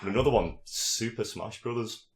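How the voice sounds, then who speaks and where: A man's voice: on the low side, moderate pace. A man chatting casually on a podcast, rambling through stories with dry jokes. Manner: dry, rambling storyteller with chuckles. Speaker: podcast co-host. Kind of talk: casual banter with friends.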